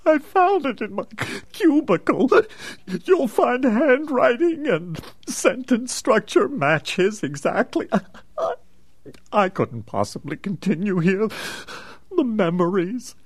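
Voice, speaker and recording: A man's voice: very high-pitched, huge pitch swings, takes it slowly, a bit bright, no echo, pitched above the performer's own voice, heavily acted. A man voicing a gleeful, manic male mad genius villain in an audiobook, cackling and theatrical. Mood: mock sobbing. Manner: cackling, shrieking, theatrical swings. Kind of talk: audiobook character voice.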